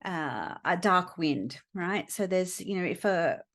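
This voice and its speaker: Woman, middle-aged astrology teacher, lower voice, slow delivery full of fillers. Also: expressive, a bit bright. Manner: unhurried, many fillers and pauses. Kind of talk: recorded lecture.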